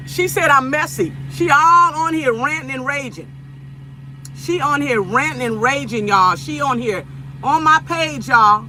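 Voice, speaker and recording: A woman's voice: high-pitched, sharp tone, slight background noise, rough recording. A woman from Los Angeles chatting casually with viewers on a phone livestream, repeating herself and laughing often. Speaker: livestream host.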